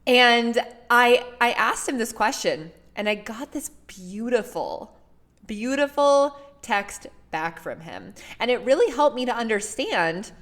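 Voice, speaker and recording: Earnest woman coaching listeners. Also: mid-range voice. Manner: earnest and emotional, warm toward her father; motivational, coaching listeners with questions. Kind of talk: casual solo talk to listeners.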